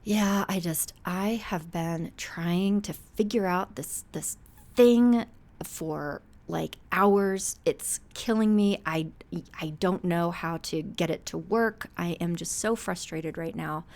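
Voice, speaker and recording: A woman voicing a stressed, snappy husband who speaks in frustrated, halting bursts. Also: lowish voice, darkish tone. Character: stressed, snappy husband at the end of a long workday.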